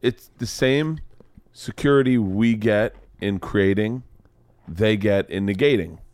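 A man hosts a podcast in a relaxed conversational way, often laughing along with his guest. His voice sits low, and the recording is dry and close. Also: takes it slowly, no room sound. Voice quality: laughs along, short backchannel replies. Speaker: podcast host. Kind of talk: casual chat.

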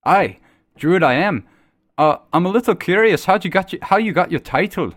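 A man voicing a loud, eager male druid adventurer raised in the forest, speaking up over a noisy tavern. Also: fairly high pitch, very animated, moderate pace, no echo, clean studio sound, pitched above the performer's own voice. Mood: boisterous.

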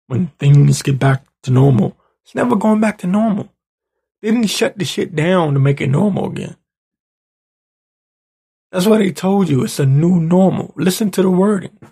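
Gravelly man in a profane rant. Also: high voice, normal speed, long pauses, warm tone. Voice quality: gravelly, husky. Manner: angry, profane, ranting, rising to heated outbursts. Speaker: show host.

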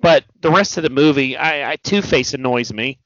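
A man hosting a casual chat about movies, talking in an animated way and swearing freely. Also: medium pitch, normal speed, no echo. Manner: animated, swearing, quotes movie lines in mock voices. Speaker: podcast host. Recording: dull lo-fi sound, dry.

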